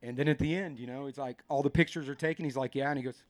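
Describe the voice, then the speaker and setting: A man in his fifties from a racing team, telling stories in an animated, emotional way. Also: medium pitch, fast. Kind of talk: casual storytelling.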